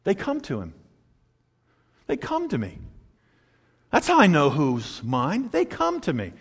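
A pastor preaching a sermon, animated and chuckling between points as he acts out quotes. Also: sits high, a little slow, slightly rough. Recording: long hall reverb.

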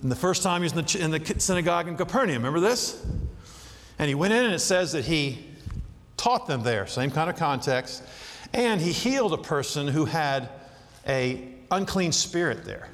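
Male preacher with a high, lively voice, conversational sermon in a big echoing church hall. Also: normal speed. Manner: animated, conversational, asks the audience questions. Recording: long hall reverb.

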